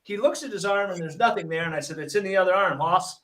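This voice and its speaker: A man's voice: high voice, fast, recorded from a distance. A man from Michigan, a hypnotist and paramedic, telling an anecdote casually and acting out the dialogue with wry jokes. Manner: animated storyteller, acts out dialogue with wry jokes. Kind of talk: casual storytelling.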